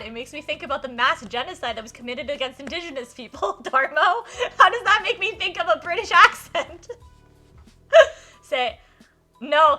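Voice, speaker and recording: A young woman streams a game, chatting away and reading its text aloud with frequent giggles. Her voice is high and bright, and she pokes fun at herself as she goes. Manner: giggly, self-deprecating, chatty. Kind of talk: live-stream game playthrough with read-aloud.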